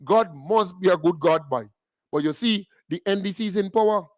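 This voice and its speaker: A man's voice: high-pitched, moderate pace, no room sound, studio quality. A man with a Grenadian accent hosting a show, delivering a mocking political rant full of emphatic repetition.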